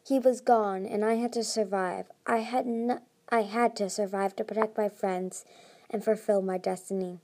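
A woman's voice: mid-range voice, steady tone, normal speed, mellow, lightly acted. A woman reading aloud as a fierce young female sea dragon, snapping and defiant. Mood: bitter. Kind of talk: audiobook reading.

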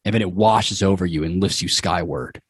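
A man's voice: deep voice, a little fast, slightly rough, no room sound. A young adult man narrating a tabletop game as game master, vivid and prone to laughing.

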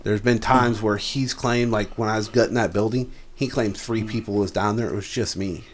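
A man with a lowish voice in casual podcast chat, blunt and profane as he vents. A faint hiss of noise sits under the recording. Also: steady tone, normal speed. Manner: blunt and profane, venting about work. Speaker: podcast co-host.

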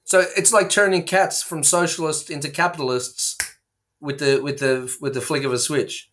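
A man's voice: on the high side, steady tone, moderate pace, fairly bright tone. A man co-hosting a casual comedy chat, spinning absurd tangents with frequent fillers and restarts, heard over a remote call. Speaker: co-host.

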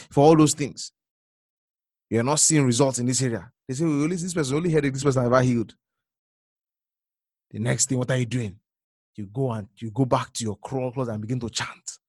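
A male preacher giving a sermon, repeating phrases and swinging from hushed murmurs to sudden loud exclamations. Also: mid-range voice, slightly rough, no echo, studio quality.

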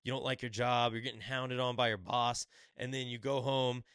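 A man hosts his own podcast, casually reviewing a book and acting out little quotes in quick asides as he rambles. His mid-range voice is level, fairly bright and smooth, recorded with studio quality and no room sound.

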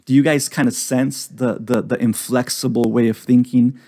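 Male podcast host, gravelly, teaching tone, repeats his points, dry close-miked sound. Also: medium pitch, steady tone, a little mellow, dry recording. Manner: explains slowly, repeats key phrases, tags lines with "right?". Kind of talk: relaxed teaching talk.

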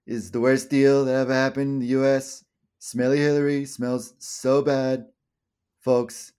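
A blustering, boastful politician who hurls loud insults, as a man puts on a deliberately poor impression. The delivery is exaggerated and clumsy, with an average-pitched voice pushed louder than usual. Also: flat delivery, clear, resonant tone, natural voice. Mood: blustery.

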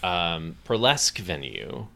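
Male, relaxed chatty conversationalist, bright tone, keeps the talk moving. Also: low-pitched, slow, gravelly. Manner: chatty, prompts stories from others. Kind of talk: casual chat.

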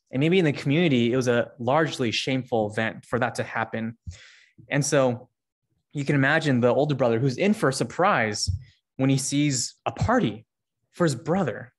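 A young man giving a casual, conversational sermon, reading scripture and acting out the characters with lively jumps in pitch. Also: moderate pace, husky. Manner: conversational, many fillers, acts out characters with rising pitch. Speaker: preacher.

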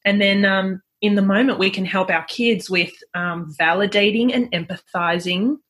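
A woman talks as a parenting coach in a casual interview. Her pitch sits in an ordinary middle range, and she speaks in a loose, chatty way. She laughs easily between points. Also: moderate pace, fairly bright tone. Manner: chatty, laughs often, acts out parents' voices. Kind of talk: conversational interview.

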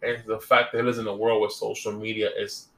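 A man's voice: on the low side, level tone, brisk, a bit bright. A man co-hosting a casual podcast chat, rambling and going off on tangents. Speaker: podcast co-host.

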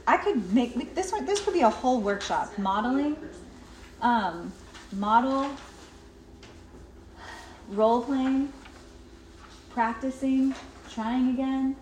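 A woman's voice: sits high, expressive, slow, long pauses, darkish tone. Woman presenter at a parenting workshop, talkative and loose, acts out kids' lines, recorded in a roomy space with faint hiss. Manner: chatty, many fillers, acts out children's voices. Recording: roomy echo, faint noise.

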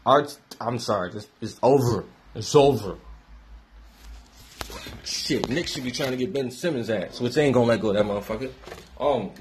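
Young man, casual profane rant, loud bursts then low mutters, mid-pitched voice. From New York. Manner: profane and emphatic, swinging between loud outbursts and low mutters. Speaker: independent musician giving sports opinions. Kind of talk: casual ranting monologue.

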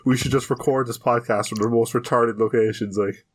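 Young guy on a podcast, crude jokes, mid-pitched voice, does silly voices. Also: steady tone, fairly quick, a little hiss or hum. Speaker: podcast co-host. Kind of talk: casual chat. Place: home room.

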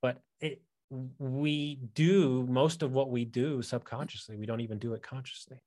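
A man's voice: medium pitch, fairly even intonation, moderate pace, warm tone. A man hosting a podcast, chatting casually and retelling a personal story with lots of restarts and asides. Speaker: podcast host. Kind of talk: casual interview chat.

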